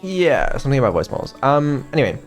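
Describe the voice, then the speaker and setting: A man's voice: mid-range voice, sing-song, quick pace. A man streaming casually as a developer, hesitant and full of ums, with some casual swearing. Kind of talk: casual live-stream chat. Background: faint music.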